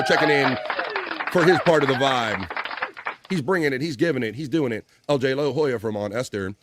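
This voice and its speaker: Laughing livestream host reading chat. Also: male voice, mid-range voice, noisy background. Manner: laughs often, reads chat aloud, swears casually. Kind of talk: casual chat reading live comments.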